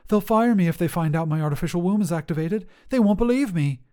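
A man's voice: sits high, lively intonation, warm tone, smooth. A man voicing a frantic young woman caller. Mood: pleading. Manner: exasperated, pleading, quick to anger. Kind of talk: audio drama reading.

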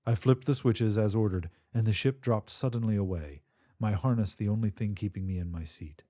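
Male audiobook narrator, dark and husky, lively pitch, tense dramatic telling. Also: fairly quick, dry recording, clean studio sound.

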